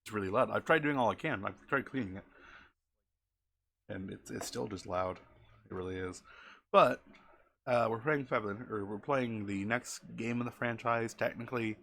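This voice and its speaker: A man's voice: fairly low pitch, moderate pace, gravelly, long pauses, a bit bright. A man chatting casually as a game streamer, rambling and often correcting himself mid-sentence.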